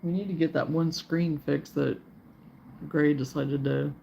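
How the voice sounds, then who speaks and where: A woman's voice: sits low, steady tone, measured pace, gravelly, mellow, a little hiss or hum. A woman hosting a crochet livestream, chatting in a rambling, easygoing way, yawning and sleepy. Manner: rambling, chatty, reads viewer comments aloud. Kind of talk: casual livestream chat.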